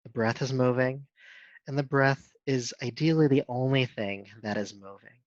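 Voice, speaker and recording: A man teaching a yoga class, giving calm, steady cues with soft hums between poses. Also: medium pitch, normal speed, no room sound. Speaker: yoga instructor. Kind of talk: guided yoga class instruction. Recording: dull, dry sound.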